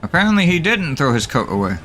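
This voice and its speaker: A man hosting a gaming channel, giving excitable, jokey let's play commentary that is full of swearing and laughter. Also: fairly high pitch, quick pace, a little hiss or hum.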